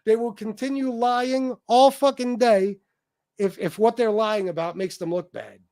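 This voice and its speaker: A man's voice: high voice, fairly even intonation, a little slow, mellow, no room sound, studio quality. A man hosting a livestream, ranting in heated, profane, repetitive commentary. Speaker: livestream host.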